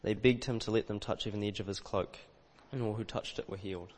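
A man reading a scripture passage aloud in a measured, deliberate way. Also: lowish voice, fairly even intonation. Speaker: scripture reader. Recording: long reverb of a large hall, heard from a distance.

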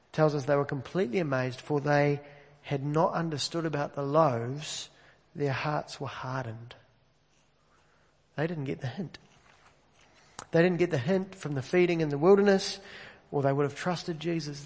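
A man's voice: fairly high pitch, a little mellow. A man preaching a sermon in a conversational way, asking the congregation direct questions over an amplified microphone in a church. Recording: long reverb of a large hall.

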